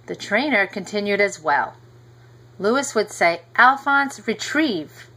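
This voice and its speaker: A woman reading a picture book aloud to a child, gently talking to the listener as she goes. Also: medium pitch, lively intonation, measured pace, breathy edge, rough recording. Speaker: reader.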